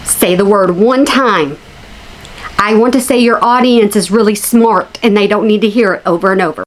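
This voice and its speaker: A woman's voice: medium pitch, moderate pace. A woman hosting a reaction commentary, sassy and mocking as she talks straight to her viewers. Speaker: commentary channel host.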